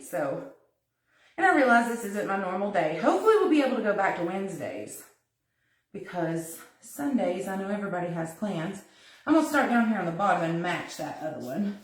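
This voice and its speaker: Her mid-range voice swings widely in pitch, and she talks briskly while hosting a live craft tutorial from her kitchen. She's chatty and prone to giggles, voicing her thoughts to viewers as she works. The sound is echoey, with the microphone placed at a distance.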